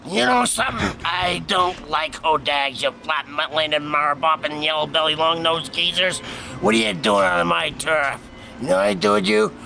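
An actor playing a scraggly, menacing hill-dwelling villain with a Boston accent, snarling threats. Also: male voice, a little high, moderate pace, vocal fry, sharp tone, a little hiss or hum, exaggerated voice.

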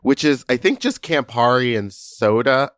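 A man co-hosting a podcast, telling stories in an animated, chatty way. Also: mid-range voice, moderate pace, dry recording, studio quality. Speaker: podcast co-host. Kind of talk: casual chat, storytelling.

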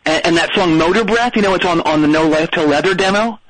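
A man's voice: sits high, quick pace, a bit bright, poor audio. A man playing a jittery, hyped-up caller on a comedy call-in show, rambling from tangent to tangent. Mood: wired. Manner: wired, rambling, jumps between tangents. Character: jittery hyped-up adult male caller, rock-band hanger-on. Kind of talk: comedic prank-call character.

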